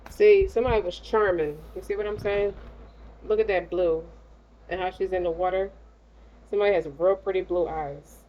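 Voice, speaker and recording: A woman's voice: fairly low pitch, fairly even intonation, normal speed, warm tone, dull audio. A woman giving a casual tarot reading in a blunt, slangy, streetwise way. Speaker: tarot reader.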